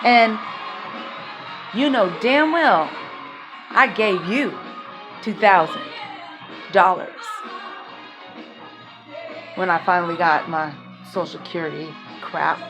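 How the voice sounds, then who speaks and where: With a fairly low voice, she talks slowly and pauses at length. The vlogger airs her grievances in a raw, confrontational rant over music, swearing as her anger rises and subsides.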